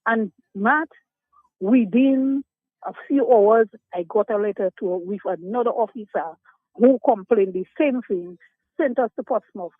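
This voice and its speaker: A woman's voice: fairly high pitch, unhurried, no room sound. An older woman calls a radio show, talking emotionally and emphatically about her grievances. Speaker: radio caller. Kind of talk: call-in complaint. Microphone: telephone. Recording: tinny dry phone line.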